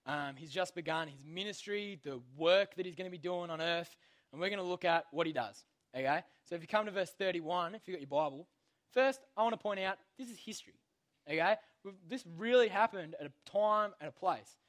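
A man's voice: sits high, brisk, a bit bright. A young man giving a casual, slangy Bible lesson to children, constantly checking in with "okay?". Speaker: youth Bible teacher.

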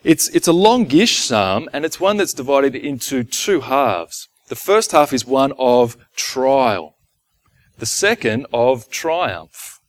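A man preaching a sermon to his church in a relaxed, conversational way, with asides to the congregation. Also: medium pitch, takes it slowly, no room sound. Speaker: pastor. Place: church gathering.

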